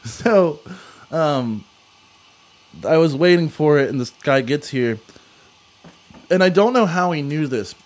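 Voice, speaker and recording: A young man with a slightly raised pitch tells a story in easy, casual chat. He rambles, stacking fillers and restarts as he goes. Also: animated, slow pace, pauses often.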